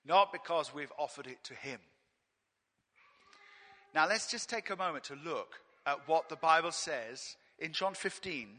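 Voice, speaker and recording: A man's voice: on the high side, bright, forceful tone. A man preaching a straight-talking, emphatic sermon in a church. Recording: long reverb of a hall.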